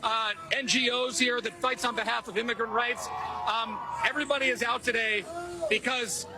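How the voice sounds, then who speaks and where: A man's voice: very high voice, fairly even intonation, normal speed. A man giving a live field report from a city street, handing back to the studio.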